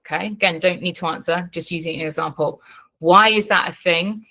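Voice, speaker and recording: A woman's voice: lowish voice, steady tone, fairly quick, sharp tone. A woman teaching an online class as a coach, talking frankly and bluntly, swearing freely and checking in with her listeners.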